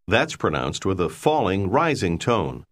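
Slow, low-voiced male lesson narrator. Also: big pitch swings, a bit bright. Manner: clear, measured explanations. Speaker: language course narrator. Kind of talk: scripted instructional narration.

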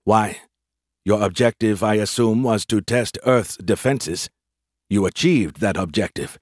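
A calm, confident general, read by a male narrator in his own low voice, courteous but quietly taunting. The speech is measured and firm. The sound is close and dry, with no room around it. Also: dry recording. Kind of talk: audiobook character voice.

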